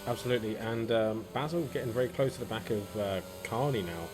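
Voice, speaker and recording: A man calling a sim race as co-commentator in brisk play-by-play. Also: on the low side, noisy background.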